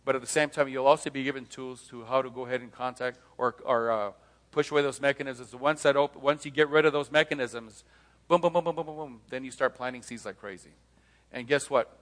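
A man's voice: medium pitch, fairly even intonation, a little fast, fairly bright tone. Storytelling man in a reverberant hall. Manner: storytelling, acting out both sides of conversations, rhetorical questions. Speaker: speaker on leaving cults, former pastor. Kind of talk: live talk to an audience.

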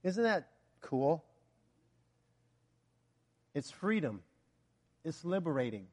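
A man preaching a sermon, animated and joking, firing rhetorical questions at the congregation and breaking into loud bursts. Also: fairly high pitch, takes it slowly.

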